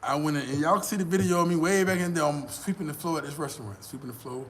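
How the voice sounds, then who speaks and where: An American man vlogging, telling a boastful, profane story in a casual, animated way. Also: fairly high pitch, fast.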